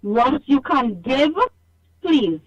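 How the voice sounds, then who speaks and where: On a phone line to a radio show, a Trinidadian woman complains with animation, scolding and repeating herself to make her point. Her voice sits high and expressive, with drawn-out words.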